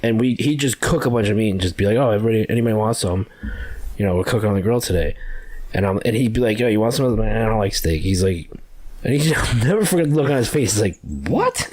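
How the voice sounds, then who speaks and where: A man, chatting casually as a podcast guest, telling lively stories, swearing freely and laughing often. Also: on the low side, fast. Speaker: podcast guest, sound engineer. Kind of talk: casual chat.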